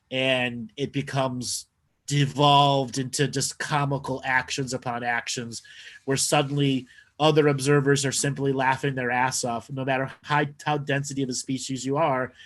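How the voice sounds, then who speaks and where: A man's voice: medium pitch, fairly bright tone. A man co-hosting a live comedy talk show, delivering absurd claims in a dry, matter-of-fact way. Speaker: co-host.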